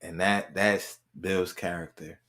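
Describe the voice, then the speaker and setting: A man's voice: deep voice, fairly even intonation, measured pace, fairly bright tone. A man hosting a podcast interview, talking casually and encouragingly, with lots of repeated phrases. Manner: encouraging, repeats affirmations like "right". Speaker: podcast host.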